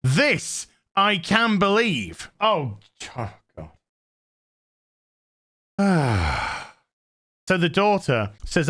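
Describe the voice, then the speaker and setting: Exasperated man with a lively voice. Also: a little high, takes it slowly, long pauses. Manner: exasperated, sweary, deadpan mockery. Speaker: show reviewer. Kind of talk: sarcastic TV episode recap.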